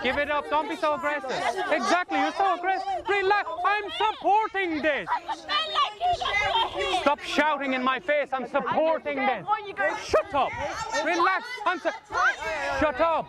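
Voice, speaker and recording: A man's voice: very high voice, animated, unhurried, long pauses. A man at a street protest argues and mocks the protesters, repeating himself defensively. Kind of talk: heated street argument. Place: outdoors among a loud crowd. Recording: loud crowd noise outdoors.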